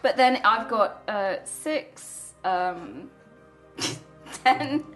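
A woman playing a tabletop game, giggly and quick with banter. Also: medium pitch, lively intonation. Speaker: player. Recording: echoey room with music.

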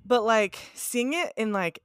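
A woman's voice: a little high, lively intonation, unhurried, clean tone, no room sound. A young woman co-hosting a casual podcast, bubbly and enthusiastic, laughing often. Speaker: podcast co-host. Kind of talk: casual chat.

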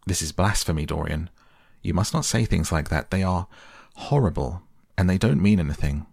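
A man's voice: deep voice, animated, moderate pace, creaky, darkish tone, slightly rough, dry recording, studio quality, heavily acted. A man reading a bedtime audiobook, voicing an earnest middle-aged male painter who pleads with and reproaches a friend. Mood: shocked earnest. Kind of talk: softly read bedtime audiobook.

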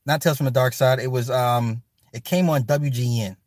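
Profane, animated man, dry close sound. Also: mid-range voice, moderate pace, no room sound. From Chicago. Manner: loose, profane, animated storytelling with loud outbursts. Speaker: livestream host reading chat. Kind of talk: casual chat.

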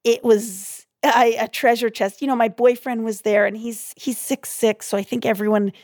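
A young adult woman, a comedian guest, telling stories in animated, casual chat full of "like". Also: on the high side, moderate pace, no room sound, clean studio sound. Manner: animated, filler-heavy storytelling with lots of "like".

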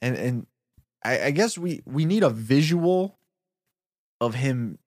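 A man's voice: mid-range voice, animated, takes it slowly, darkish tone, dry recording, clean studio sound. A man in casual conversation, brainstorming a short film and acting out lines in playful voices.

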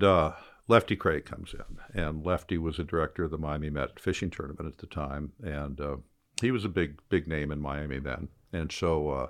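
Older man, very low voice, animated rambling storyteller, self-deprecating humor. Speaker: guest; fly fisherman. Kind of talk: storytelling in casual interview.

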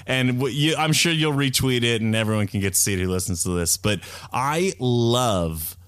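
A man co-hosting a podcast in casual chat, campy and animated with a dry wit. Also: mid-range voice, normal speed. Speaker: podcast co-host.

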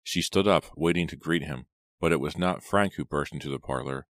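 A man narrating an audiobook in a measured, even storytelling manner. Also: rumbling low, no echo. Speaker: audiobook reader.

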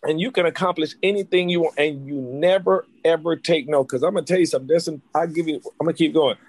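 A man speaks in a rushed, breathless stream, piling his story up clause after clause. His voice sits a little high for a man, and he keeps jumping back and restarting in his excitement. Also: dry recording. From North Carolina. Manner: rapid, excitable, jumps back and forth with restarts. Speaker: actor telling his life story. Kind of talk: animated storytelling interview.

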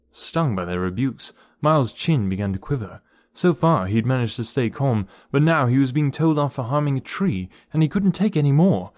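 A man's voice: medium pitch, no echo. Man narrating an audiobook, dry sound. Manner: measured, expressive storytelling.

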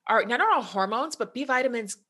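A woman's voice: fairly high pitch, lively intonation, brisk, bright, forceful tone. A woman in her thirties or forties from the United States, a health coach talking earnestly with many "you know"s in a casual podcast chat.

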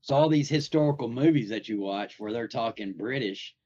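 Brisk and darkish in tone, this man's medium-pitched voice carries a faint hiss or hum. As host of a casual podcast, he meanders through his stories with plenty of fillers, over somewhat dull, lo-fi sound.

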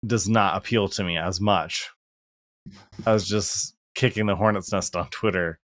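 A man's voice: low voice, fairly even intonation, unhurried, dry recording, clean studio sound. A man co-hosting a podcast in a casual conversational chat, wry and rambling with many restarts. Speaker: podcast co-host.

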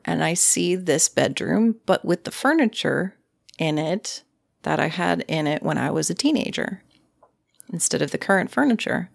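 A woman's voice: sits low, moderate pace, gravelly. A woman telling a personal story in a casual, rambling way, with frequent fillers and hesitations. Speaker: podcast guest.

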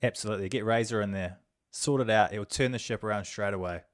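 A man's voice: fairly low pitch, quick pace. A man hosting a rugby podcast in casual chat, upbeat and emphatic as he thanks the others and signs off the show. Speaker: podcast host.

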